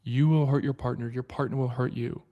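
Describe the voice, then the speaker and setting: A man hosting a livestream book study, talking in an earnest, reflective way and often dropping to a soft, low voice. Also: steady tone, a little fast, dull audio.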